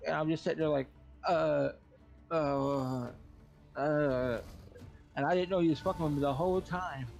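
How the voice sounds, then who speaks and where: A man hosting a game stream, telling stories in casual chat, swearing freely and mimicking other people. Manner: animated storytelling, swearing, mimics others in high voices. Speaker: streamer host.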